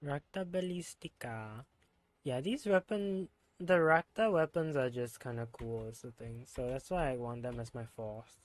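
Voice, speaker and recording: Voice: mid-range voice, measured pace, dry recording. A streamer chatting casually while gaming, thinking aloud with fillers.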